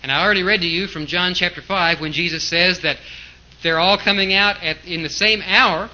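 A man's voice: fairly high pitch, bright, forceful tone. A man preaching a sermon, explaining scripture in an emphatic teaching manner with rhetorical questions. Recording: dull lo-fi recording.

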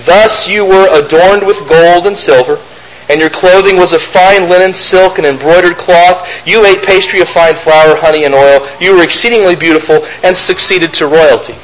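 A man delivers a sermon in a high, ringing voice. He reads scripture passages aloud and then explains them, asking the listeners rhetorical questions and mocking opposing arguments. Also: steady tone, normal speed, fairly bright tone, poor audio. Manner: mocks opponents' arguments in a raised voice. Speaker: preacher.

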